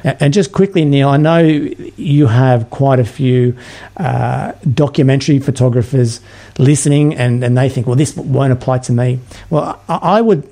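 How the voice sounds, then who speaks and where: Mellow-voiced Australian man, guest. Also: mid-range voice, normal speed, gravelly. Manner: enthusiastic, persuasive, frequent word repeats. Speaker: podcast guest. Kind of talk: casual interview chat.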